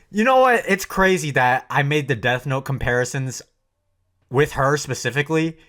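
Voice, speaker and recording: A man giving casual, animated reaction commentary while watching anime, swearing freely and laughing often. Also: mid-range voice, normal speed.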